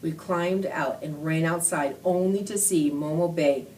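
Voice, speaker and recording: A woman reads a children's picture book aloud, earnest and expressive. Her voice sits slightly low for a woman. She tells the story steadily, letting each line carry its meaning. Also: measured pace, a little hiss or hum. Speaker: reader.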